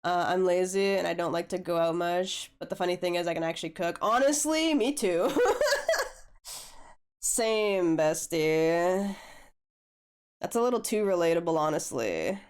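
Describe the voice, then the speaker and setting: A young woman art streamer chatting casually with viewers while she draws, a little hoarse as she gets over a flu, laid-back and swearing freely. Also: lowish voice, fairly even intonation, moderate pace, darkish tone.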